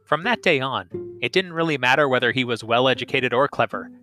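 A man's voice: mid-range voice, lively intonation, a little fast, sharp tone, soft background music. A man telling a folk tale aloud as the host of a storytelling podcast, reading evenly and expressively. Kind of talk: storytelling narration.

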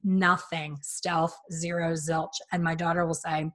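Middle-aged woman, chatty, acts out everyone in her stories, lowish voice. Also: a little slow. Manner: chatty, animated storyteller who acts out quotes. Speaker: guest, former hairstylist. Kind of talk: casual podcast chat.

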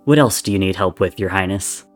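A man playing a brash, taunting young man, story reading, lowish voice. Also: fairly quick, soft background music, close to an everyday voice. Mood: sarcastic.

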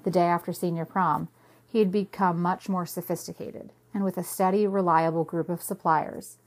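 A woman reads her own novel aloud as narrator, in a steady and plain storytelling manner. Her voice sits somewhat low for a woman. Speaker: reader, narrator.

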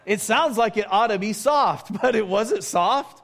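A man with a slightly high voice preaches a sermon. He stumbles and restarts often, then builds to loud, emphatic peaks. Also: measured pace.

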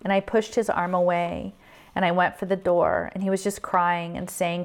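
A woman reading a novel aloud in a low voice. Her narration is steady and subdued, with a flat, even pitch that barely rises or falls. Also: moderate pace. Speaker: reader.

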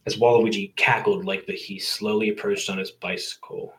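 Casual male reader, bright and lowish, reading a comedic story with asides. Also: little pitch movement, moderate pace, rough recording. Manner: reads aloud, breaks off to joke and laugh. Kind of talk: casual comedic read-aloud.

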